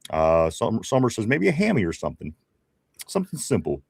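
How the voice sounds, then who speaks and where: A man's voice: fairly low pitch, huge pitch swings, brisk, creaky, breathy edge, no echo, studio quality. A man with a Pittsburgh accent hosting a casual sports talk show, reading viewer comments aloud, chatty, with frequent laughs and restarts. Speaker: podcast host reading live chat.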